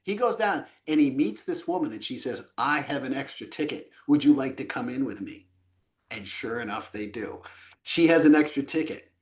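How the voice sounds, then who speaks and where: A man co-hosting a casual trading podcast, telling stories with lively asides. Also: mid-range voice, moderate pace. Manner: animated storyteller, lively asides. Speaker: co-host of trading show.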